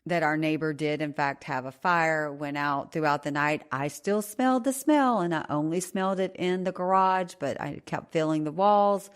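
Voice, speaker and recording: A woman podcast host casually retelling a personal story in a rambling, animated way. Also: low voice, moderate pace, hardly any pauses, clean tone.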